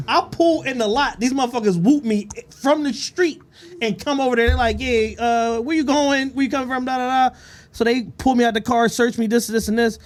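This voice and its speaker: Podcast co-host, thirties, from Philadelphia; high voice, relaxed and profane storyteller. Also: male voice. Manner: profane, laid-back storytelling with quoted voices. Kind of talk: casual storytelling chat.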